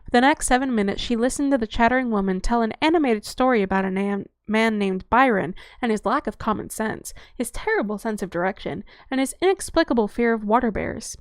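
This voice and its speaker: A woman's voice: a little high, a little fast, hardly any pauses, no echo, studio quality. A woman reading fiction aloud in fluid narration, dropping profane offhand asides. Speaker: audiobook reader.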